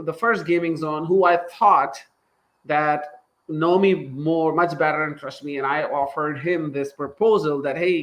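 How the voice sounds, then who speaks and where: A man in his thirties with a Pakistani accent, a company founder telling his story in a casual interview, animated and acting out what people said. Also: on the high side, low-quality recording. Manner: animated, acts out quoted dialogue, laughs while telling.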